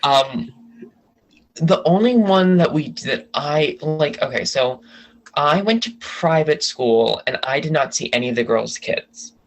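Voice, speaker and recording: A man from the DC area, appearing as a podcast guest, speaks at a fairly high pitch in an animated but unhurried way over poor audio. He rambles casually through gossip, correcting himself and starting over many times.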